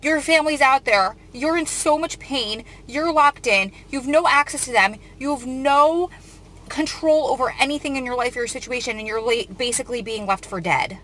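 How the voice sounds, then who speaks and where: A woman host with a bright, fairly high voice reads a news story aloud and adds her own comments. She speaks earnestly, her feeling showing, and often stops to restart a sentence. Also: normal speed, a little hiss or hum. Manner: earnest and emotional, with frequent restarts. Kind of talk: reading and commenting on a news article.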